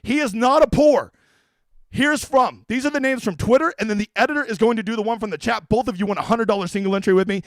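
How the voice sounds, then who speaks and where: A man's voice: high-pitched, fast, no room sound, poor audio. A man streaming about fantasy golf, brash and profane, out of breath. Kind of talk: hyped comedic stream talk.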